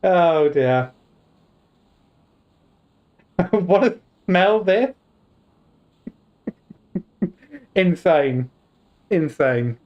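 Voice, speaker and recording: Slow, joking game streamer, dull sound. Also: mid-range voice, expressive. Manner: laughing, joking, talks back to characters. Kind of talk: casual gaming commentary.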